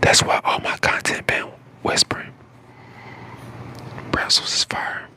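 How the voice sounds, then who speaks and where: A man in his twenties from St. Louis, whispering casual chat to viewers on an ASMR live stream, hoarse from a lost voice. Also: measured pace, sharp tone. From St. Louis, Missouri. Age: 20s. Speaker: ASMR creator.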